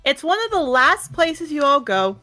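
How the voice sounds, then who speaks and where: A woman narrating a tabletop game as game master, animated and often laughing. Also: sits high, normal speed. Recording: faint background music.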